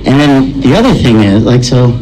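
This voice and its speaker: A man telling a stand-up comedy story, acting out the voices in it and shouting at the peaks. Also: mid-range voice, normal speed, slight background noise, rough recording. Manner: animated, acts out voices and shouts.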